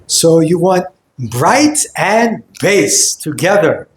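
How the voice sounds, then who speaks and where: A man's voice: high-pitched, expressive, slow pace, slight background noise. A man teaching a singing workshop to a group, demonstrating sounds with sung vowels. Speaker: kirtan teacher. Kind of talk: vocal workshop lecture. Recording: roomy hall echo.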